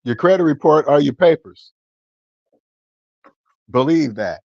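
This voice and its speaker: A gravelly, slightly high male voice with lively intonation and a measured pace carries this casual livestream-style monologue. The speaker, in his fifties, hosts a personal finance channel and talks bluntly and preachily, repeating words for emphasis. The highs are cut off, and there's no room sound.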